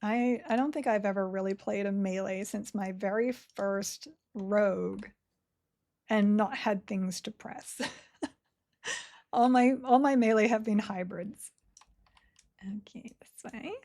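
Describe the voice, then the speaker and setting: Aussie lady streaming a game, slow easy chatter, words kinda blur together, giggles a lot. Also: medium pitch, darkish tone. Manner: chatty, laughs often, reads chat aloud; talks slowly, words run together. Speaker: streamer playing an online game. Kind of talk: casual live-stream chat.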